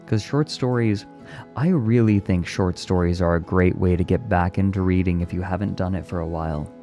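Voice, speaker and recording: A man streaming and chatting casually with his viewers, speaking gently and with enthusiasm. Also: deep voice, normal speed, soft background music. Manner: gentle, soft-spoken. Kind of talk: casual live-stream chat, answering chat.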